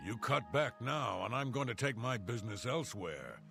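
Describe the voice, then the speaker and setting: Gruff smuggler, gravelly and sharp-edged, bossy game character. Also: male voice, mid-range voice, expressive, moderate pace, faint music behind. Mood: curt, menacing. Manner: curt, bossy. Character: gruff male smuggler, impatient and threatening.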